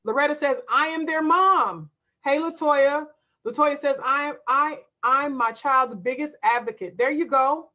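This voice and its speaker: A woman's voice: sits high, fairly even intonation, normal speed, bright, forceful tone, muffled recording. A woman coach hosting a live stream, emphatic and direct, calling her viewers y'all and reading out their comments.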